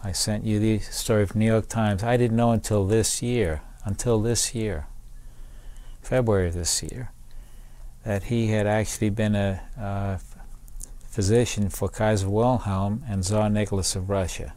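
A man's voice: lowish voice, steady tone, unhurried, dark tone. Older man earnestly telling his war story. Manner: earnest, repeats key phrases for emphasis. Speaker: guest, Vietnam veteran and public speaker. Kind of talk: personal storytelling interview.

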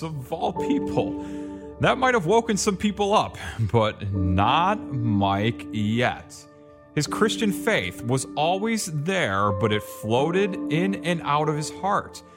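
Male narrator, slow and expressive, scripted delivery over a music bed. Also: a little high. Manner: measured storytelling narration.

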